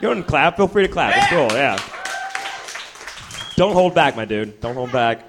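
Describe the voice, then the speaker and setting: A man's voice: on the high side, normal speed, a crowd in the background, background noise. A young man doing a stand-up set, then chatting as a guest, bouncing between silly put-on voices. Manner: lively, jumping into silly voices. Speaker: stand-up comedian.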